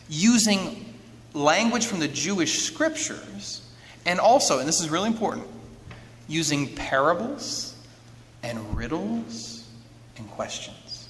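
Animated male lecturer in a reverberant hall. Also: on the high side. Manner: animated, asks the audience rhetorical questions; acts out quoted speech. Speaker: author giving a lecture. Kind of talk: lively teaching talk with a handout. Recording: long hall reverb, faint noise.

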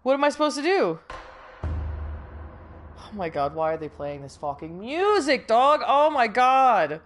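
With soft music playing behind her, a young gaming streamer talks slowly but very animatedly in a slightly high voice. She plays a horror game with jumpy, nervous reactions, swearing often and laughing through her fear, still a little sniffly from a recent cold.

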